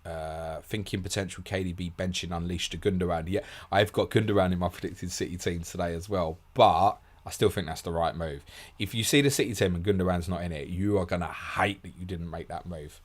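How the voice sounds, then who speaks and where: A man hosting a fast live Q&A, blunt and casual, calling listeners mate, with a sore throat and short of sleep. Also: low voice, fairly even intonation. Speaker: host answering viewer questions.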